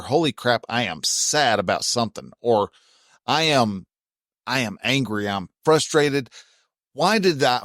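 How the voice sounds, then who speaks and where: A man's voice: medium pitch, fairly bright tone, dry recording, studio quality. A man, hosting a casual self-help talk in a plainspoken, folksy way with mild cursing. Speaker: self-help podcast host.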